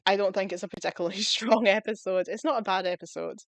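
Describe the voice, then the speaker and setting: A woman talks through a casual video review with easy enthusiasm. She rambles through asides and laughs often. Her voice sits at a middle pitch and sounds dry, with no room echo. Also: steady tone, quick pace.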